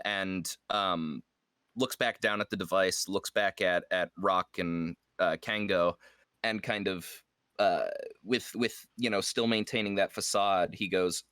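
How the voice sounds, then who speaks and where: A man's voice: low-pitched, a bit bright, no room sound, studio quality. A man playing a tabletop game, casually describing his character's actions with many fillers. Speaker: player.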